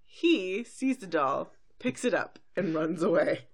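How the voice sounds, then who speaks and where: Animated woman retelling a cartoon episode. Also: fairly low pitch, takes it slowly. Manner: animated, acts out characters' lines while retelling. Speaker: podcast co-host. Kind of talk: casual recap chat.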